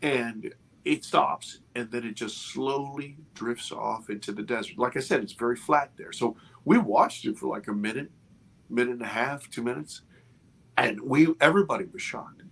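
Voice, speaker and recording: A man over fifty, an interview guest, telling a story with expressive, restarting speech. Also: mid-range voice, normal speed, gravelly. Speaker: interview guest, film producer. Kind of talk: animated storytelling in a casual interview.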